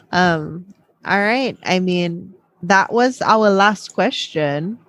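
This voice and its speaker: A woman's voice: fairly low pitch, extremely slow, no echo, clean studio sound. A woman co-hosting a podcast in casual chat, giggly and chatty. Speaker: podcast co-host.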